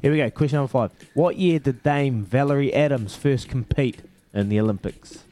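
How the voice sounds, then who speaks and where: A man's voice: mid-range voice, moderate pace, dark tone. Upbeat New radio host, man. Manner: upbeat, matey banter with callers. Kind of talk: radio phone-in quiz.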